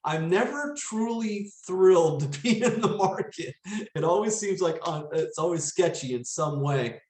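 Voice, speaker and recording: A fairly high-voiced man talks through the week ahead in a loose, rambling way, circling back and restarting his sentences. He grew up in Las Vegas, and his voice rings in a roomy, echoey space. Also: expressive, a little slow, a little mellow. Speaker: co-host. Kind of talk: casual market chat.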